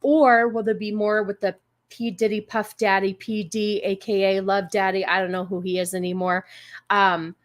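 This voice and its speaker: A woman's voice: mid-range voice, little pitch movement, normal speed. A woman hosting a casual livestream, chatty and rambling with many fillers. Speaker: livestream host.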